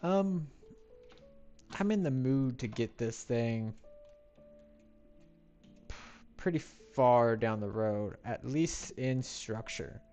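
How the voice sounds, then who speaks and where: A man's voice: medium pitch, animated, takes it slowly, long pauses, mellow. A man live-streaming a building game on a headset mic, rambling to himself with playful sound effects. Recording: faint music behind.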